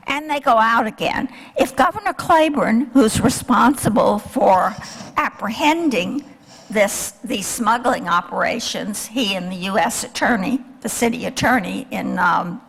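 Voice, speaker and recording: A woman's voice: fairly high pitch, breathy edge. A woman giving a history lecture to a live audience, telling the story and asking the listeners questions. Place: lecture hall. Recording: long hall reverb.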